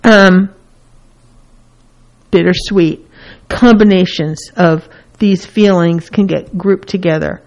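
A woman's voice: on the low side, slow pace, pauses often, a little mellow. A woman therapist in a casual teaching talk, who acts out the feelings she names with her voice. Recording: dull lo-fi recording.

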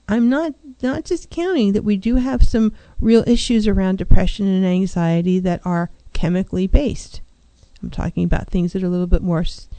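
A woman's voice: mid-range voice, mellow, no echo. A middle-aged woman, a licensed counselor hosting a show, giving earnest advice and acting out clients' voices. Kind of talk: talk show monologue.

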